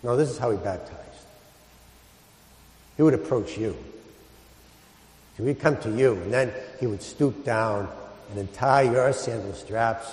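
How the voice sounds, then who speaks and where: Guy priest giving a homily, middle pitch, lots of questions then quiet slow punchlines, churchy echo. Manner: storytelling, rhetorical questions, soft dramatic drops. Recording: echoey church hall.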